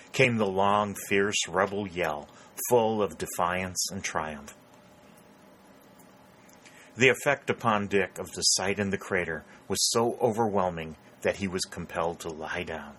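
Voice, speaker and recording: A man narrating a novel in a steady, measured reading. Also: low voice, a little hiss or hum. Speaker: audiobook narrator. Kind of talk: scripted narration.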